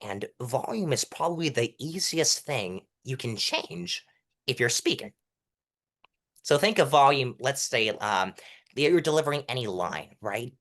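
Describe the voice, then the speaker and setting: A young man with a stuffy nose explaining public speaking technique as an interview guest, demonstrating changes in loudness and pitch as he goes. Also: very animated. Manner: self-admitted fast talker. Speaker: interview guest, mock trial coach.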